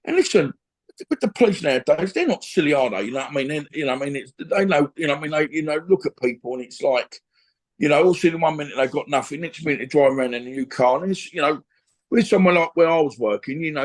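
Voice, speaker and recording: A man's voice: medium pitch, darkish tone. A middle-aged man tells a rambling story in an interview, often adding "you know what I mean". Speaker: interview guest, former boxer and gym owner. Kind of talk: conversational storytelling.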